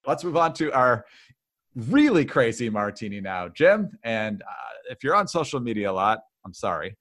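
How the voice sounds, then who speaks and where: A man co-hosting a political commentary podcast, speaking hesitantly with frequent filler pauses. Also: medium pitch, big pitch swings, a bit bright. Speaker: podcast co-host.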